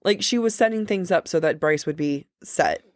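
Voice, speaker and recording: A woman co-host on a book podcast, making jokey, self-deprecating remarks during casual chat. Her voice sits on the lower side, and the recording is dry and close. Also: normal speed, no room sound.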